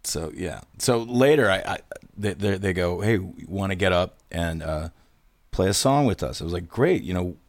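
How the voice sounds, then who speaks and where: Low male voice, dry close recording, chatty musician guest who acts out quotes. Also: normal speed, no room sound. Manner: animated anecdotes, acts out quotes. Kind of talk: casual storytelling.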